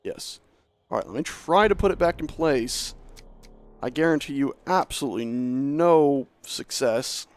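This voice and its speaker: A man's voice: mid-range voice, animated, a little slow. A man streaming a building game, talking casually and joking at himself as he plays. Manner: chatty, self-mocking, talks to himself while playing. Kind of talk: casual gameplay commentary.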